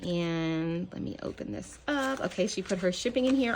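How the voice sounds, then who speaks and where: Gushing woman with a lively voice. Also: fairly low pitch, normal speed, a little hiss or hum. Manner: gushing, excitable, lots of fillers. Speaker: crafting channel host. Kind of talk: casual unboxing vlog.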